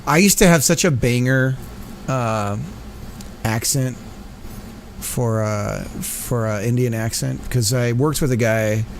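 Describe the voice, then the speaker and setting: A man casually chatting on a livestream, thinking aloud in a slow, mumbling way while he works on a game. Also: mid-range voice, a little hiss or hum. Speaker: streamer.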